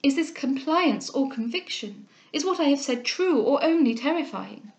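A woman reading the part of an older gentlewoman and mother, earnest and insistent, in a formal manner. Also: high voice, lively intonation, moderate pace, pitched above the performer's own voice.

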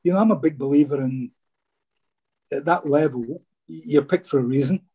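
Middle-aged man, ex-footballer guest, husky and dark, chatty yarn-teller. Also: fairly high pitch, normal speed. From Scotland. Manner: chatty, peppers speech with "mate". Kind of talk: casual interview storytelling.

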